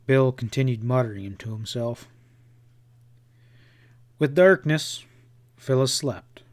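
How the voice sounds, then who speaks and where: Male audiobook narrator for a western; slow, measured, mid-pitched delivery. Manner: measured, unhurried storytelling.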